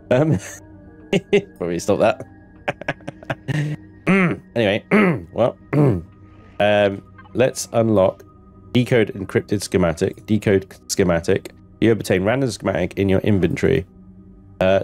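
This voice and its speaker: A man's voice: sits low, darkish tone. A man giving casual gameplay commentary, chatty and laughing often as he reads game text aloud. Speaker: gamer streaming his play.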